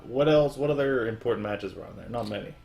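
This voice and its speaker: A man's voice: medium pitch, animated, quick pace, creaky, darkish tone. A man in easygoing podcast chat with dry, self-mocking humor. He rambles from one complaint to the next in a loose, offhand way. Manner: wry, self-deprecating, rambling. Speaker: podcast co-host. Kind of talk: casual chat.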